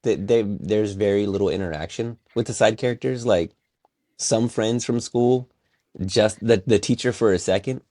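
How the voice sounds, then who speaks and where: A man co-hosting a casual podcast, talking in an animated, rambling way and laughing often. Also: lowish voice, moderate pace, no echo. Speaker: podcast co-host. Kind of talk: casual chat.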